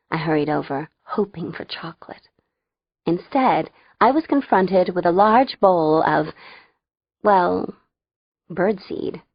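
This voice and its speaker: A woman's voice: fairly low pitch, lively intonation, takes it slowly, slightly rough, no echo, dull audio. A woman narrating a first-person audiobook in a wry, conversational way.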